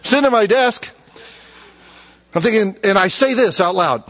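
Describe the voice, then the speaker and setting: A middle-aged man preaching a sermon with humor, acting out conversations with himself in an animated way. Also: sits high, moderate pace, long pauses, dull audio. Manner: animated, humorous, acts out inner dialogue. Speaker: pastor.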